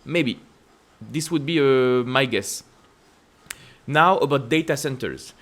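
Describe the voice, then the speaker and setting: A man with a French accent hosting casual stock-market commentary, asking emphatic rhetorical questions and jumping up in pitch to stress points. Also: takes it slowly, a bit bright. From France. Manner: emphatic, repetitive rhetorical questions with sudden upward pitch leaps. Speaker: investing channel host.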